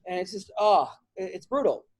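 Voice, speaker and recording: A man with a high-pitched voice, speaking at normal speed, hosts a podcast as a comedian. He vents in casual chat, rambling animatedly for comic effect and restarting often.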